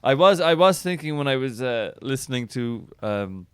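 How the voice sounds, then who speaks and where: Man, host, smooth dry voice, rambly and filler-heavy. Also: medium pitch, expressive, normal speed, no echo. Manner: rambling, many fillers, laughs at own ideas. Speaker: podcast host. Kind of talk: casual chat on a call.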